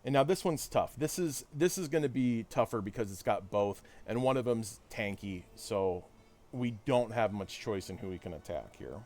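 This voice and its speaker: A man's voice: on the low side, lively intonation, normal speed, a little mellow. A man streaming a video game, chatting casually with viewers and poking fun at himself. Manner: chatty, self-deprecating, talks to chat. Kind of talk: casual live-stream chat while gaming.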